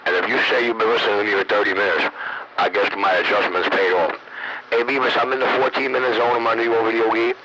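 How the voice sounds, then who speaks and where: A low-voiced man from New York rambles and jokes over a CB radio. His voice comes through a received radio signal, with heavy static hissing underneath. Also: fairly even intonation, fast talker. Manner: loose and rambling, cursing and joking. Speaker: CB radio operator. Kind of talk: casual CB radio chatter.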